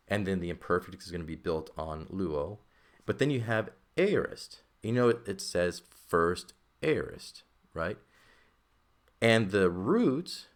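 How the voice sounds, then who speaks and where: A man with a very low voice teaches a language lesson at an unhurried pace. He explains each point patiently, often checking that his students are following along, and corrects himself openly when he misspeaks. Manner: explanatory, checks in with "okay" and "right"; thinks aloud, self-correcting. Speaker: Greek teacher.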